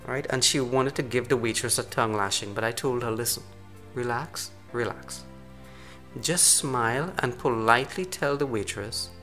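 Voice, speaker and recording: A man preaching a sermon in an earnest manner, slowing down to stress key points. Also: medium pitch, a bit bright. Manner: earnest, slows down for emphasis.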